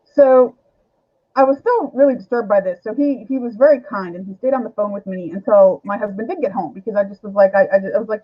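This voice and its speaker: A woman's voice: medium pitch, brisk, muffled recording. A middle-aged woman telling a candid personal story as a guest on a talk show, rambling, with many fillers.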